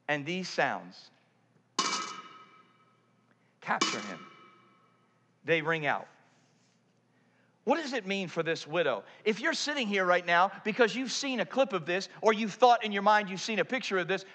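Man, pastor, sermon, high voice, dramatic, loud then hushed, long hall reverb.

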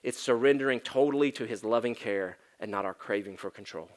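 A man preaching a sermon to his church, talking conversationally, with emphatic rises and hushed drops. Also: medium pitch, brisk. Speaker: pastor.

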